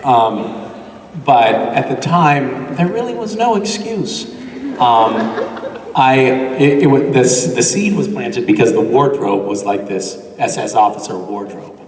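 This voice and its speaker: A man's voice: mid-range voice, lively intonation, takes it slowly, recorded from a distance, a crowd in the background. Self-mocking man in an echoey hall. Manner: rambling, self-deprecating, laughs often. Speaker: actor answering fan questions on a convention panel. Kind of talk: convention panel Q&A. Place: large convention hall. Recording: echoey convention hall, mic picked up from afar.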